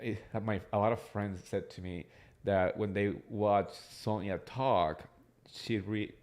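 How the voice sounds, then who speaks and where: Guy hosting a chatty gossip show, lots of "like" and "uh", excited. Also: lowish voice, takes it slowly. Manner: enthusiastic gossip, many filler words. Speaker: podcast host. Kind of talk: casual chat.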